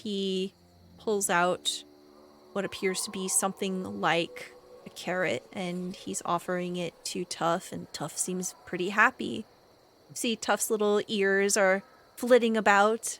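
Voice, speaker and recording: Calm woman narrating as game master. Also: medium pitch, slight background noise.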